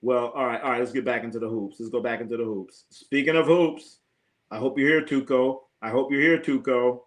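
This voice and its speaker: This sports talk streamer keeps a steady tone and a slightly quick pace in his mid-range voice while chatting through comments from viewers. Expect rambling, repetition, frequent cursing, and plenty of laughter.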